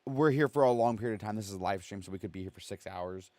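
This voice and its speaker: A man's voice: on the low side, quick pace, darkish tone, no room sound. A man in his twenties hosting a casual reaction live stream, swearing freely and laughing as he retells clips. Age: 20s.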